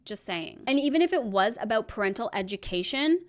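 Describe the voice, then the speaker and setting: A woman's voice: a little high, animated, a little fast. A young adult woman hosting a commentary channel, delivering pointed, critical remarks. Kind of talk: scripted commentary.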